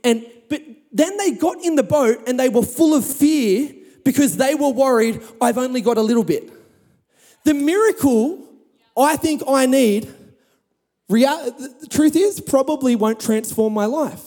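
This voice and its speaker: A man pastor preaching a sermon to a congregation, telling a Bible story with humor and lively emphasis. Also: very high voice, measured pace, long reverb tail. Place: church hall with audience.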